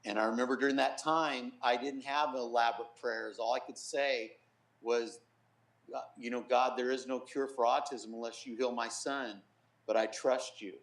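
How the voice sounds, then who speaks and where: A man's voice: mid-range voice, fairly even intonation, normal speed. Earnest man telling a story in a roomy studio. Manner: earnest storytelling, quoting others softly. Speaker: pastor and guest. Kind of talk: personal testimony in a TV interview.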